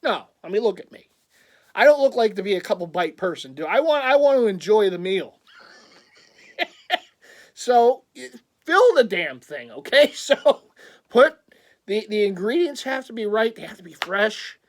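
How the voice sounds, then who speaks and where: A man talks in a casual vlog, his voice sitting high for a man. He rambles and gets excited easily, breaking into frequent laughter. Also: moderate pace, pauses often. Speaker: vlogger.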